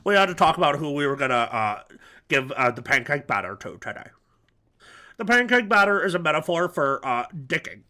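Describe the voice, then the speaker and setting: Man, high and bright voice, rambling gameplay commentary with absurd crude jokes. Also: very animated, fairly quick. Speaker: gaming video host. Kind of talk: let's-play commentary.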